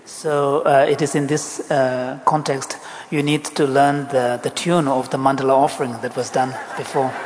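A man interpreting a Buddhist teaching into English, explaining in a measured, deliberate way. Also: mid-range voice, little pitch movement. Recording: echoey hall, faint background noise.

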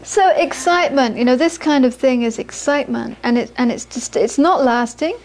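A woman teaching Buddhism to a live audience, moving from lively anecdotal storytelling into quiet, reflective teaching. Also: high voice, moderate pace, slight background noise. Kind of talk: dharma talk to a live audience.

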